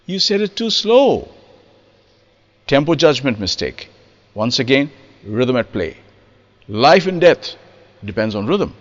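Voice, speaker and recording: A man giving a spoken music lesson on rhythm, lively and demonstrative, acting out examples and reciting verse in a studio. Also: mid-range voice, slow pace, long pauses, big-room sound, muffled recording. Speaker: percussionist explaining rhythm.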